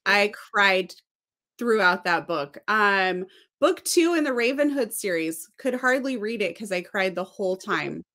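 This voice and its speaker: A woman's voice: medium pitch, a little slow. A woman, a teacher and co-host of a book channel, talking casually and expressively about books she loved. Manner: expressive, animated storytelling.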